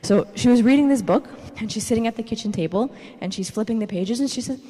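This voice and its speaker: A woman in her thirties giving a parenting talk at a church, telling animated personal stories and tagging her points with "okay?". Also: a little high, quick pace. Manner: animated storytelling, tags lines with "okay?". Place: church hall. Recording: reverberant church hall.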